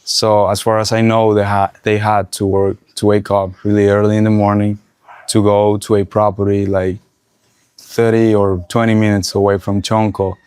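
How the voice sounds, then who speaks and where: A young man from Nicaragua speaking English with a Nicaraguan Spanish accent, a native Spanish speaker telling his story in a casual interview with halting restarts. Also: on the low side, monotone, darkish tone, clear, resonant tone, no echo. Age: young adult. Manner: halting, restarts often while recalling.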